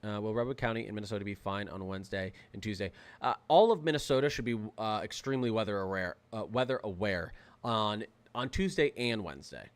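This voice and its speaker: A young man hosting a live weather stream, talking in an excitable, rambling way with lots of fillers and restarts. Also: on the low side, fairly quick. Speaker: weather livestream host. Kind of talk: casual livestream commentary.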